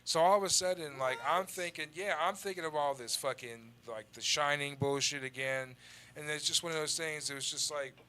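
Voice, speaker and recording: A man's voice: on the high side, normal speed. A man telling a long story in casual, swearing talk, acting out the lines of the people in it. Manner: animated, acts out quoted dialogue.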